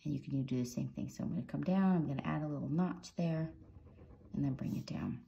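In a brisk, low, gravelly yet mellow voice, a woman chats her way through a casual drawing tutorial, encouraging viewers and making playful sound effects as she sketches. The sound is lo-fi.

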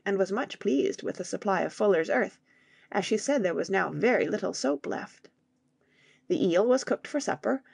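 A woman in scripted audiobook narration, reading in a measured way and voicing the characters. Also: medium pitch, gravelly, breathy edge, no echo, studio quality.

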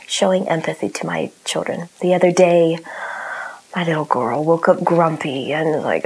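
Woman, 30s, mother, lowish gravelly voice, soft reflective storytelling, breathy half-whispers, faint background hiss. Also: normal speed, poor audio. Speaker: parent sharing a parenting tip.

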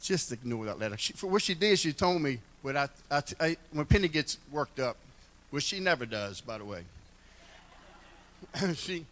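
Folksy older man, fairly high voice. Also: lively intonation, a little slow, long pauses, a bit bright. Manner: folksy, storytelling with humor. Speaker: church member speaking at a retirement celebration. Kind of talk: heartfelt church address. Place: church.

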